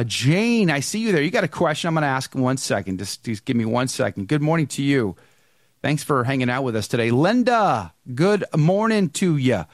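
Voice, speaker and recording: Lively, higher-voiced male podcast host. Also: dry recording, studio quality. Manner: rattles off greetings to chat viewers by name. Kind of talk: live-stream greetings and chat.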